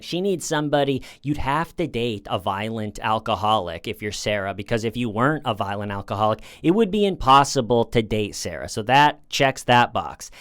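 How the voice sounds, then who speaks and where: A man's voice: medium pitch, a bit bright, clear, resonant tone, dry recording, clean studio sound. A man hosting a casual commentary, talking in a sarcastic, mocking way. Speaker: commentary host.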